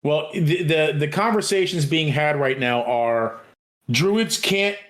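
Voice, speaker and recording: A man's voice: a little high, animated, unhurried, a little hiss or hum. A man co-hosting a podcast, talking casually and earnestly with frequent hesitations and restarts. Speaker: podcast co-host. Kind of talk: casual chat.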